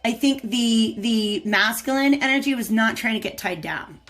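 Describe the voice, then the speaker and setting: A woman's voice: a little high, normal speed, a bit bright. A woman giving a casual tarot reading, chatting to viewers and talking to the cards as she goes. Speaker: tarot reader.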